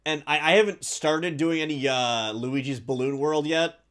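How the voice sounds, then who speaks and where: A man co-hosting a gaming stream, chatting in a relaxed way and swearing casually. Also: fairly high pitch, moderate pace. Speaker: stream co-host.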